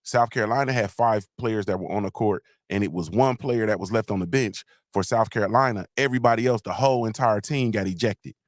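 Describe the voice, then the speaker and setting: A man's voice: fairly low pitch, a little fast, few pauses, dry recording, studio quality. A man hosting a live show, telling a loose, slangy story and checking in with listeners again and again. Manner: rambling and slangy, keeps asking "you feel me?". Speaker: host of a live motivational show. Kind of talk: casual storytelling on a livestream.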